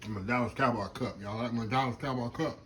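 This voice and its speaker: This cooking channel host talks quickly in a medium-pitched voice, with a little hiss or hum on the recording. Chatty and casual, he eats on camera, speaking through mouthfuls and humming "mm" between bites, and he drops Southern phrases like "y'all."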